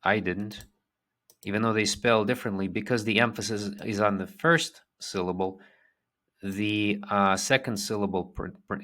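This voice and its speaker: A man giving a language lesson, explaining slowly with fillers and restarts. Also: sits low, fairly bright tone. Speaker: language teacher. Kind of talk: lecture.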